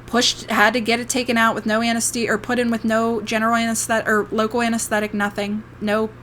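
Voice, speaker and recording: A woman's voice: fairly high pitch, flat delivery, fast, fairly bright tone, a little hiss or hum. Emotional woman telling her story. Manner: emotional, swearing, rambling storytelling. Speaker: ASMR creator. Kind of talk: casual storytime vlog.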